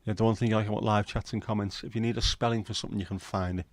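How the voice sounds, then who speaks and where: A man's voice: lowish voice, steady tone, rapid-fire, dry recording. A middle-aged man hosting a casual late-night livestream, rambling and swearing as he bants with his chat from home. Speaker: livestream host.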